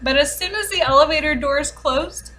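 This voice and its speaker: A woman telling a frustrating everyday story in a casual vlog, exasperated and sarcastic, talking fast in bursts. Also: high-pitched, pushed and bright, rough recording. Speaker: vlogger. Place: home, with a dog nearby.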